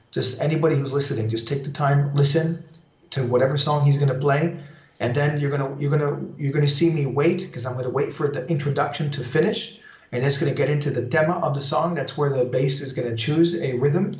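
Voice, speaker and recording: A man teaching salsa timing in a live online lesson, explaining at length and singing bass lines and beat counts aloud. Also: a little fast, echoey room, highs cut off. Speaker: salsa dance instructor.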